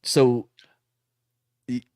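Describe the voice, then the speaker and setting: A man's voice: extremely slow, dry recording. A man co-hosting a casual talk show, telling a story with lots of swearing, laughing and acting out other people's voices. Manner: animated storyteller, acts out voices, laughs often. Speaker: podcast co-host, veteran.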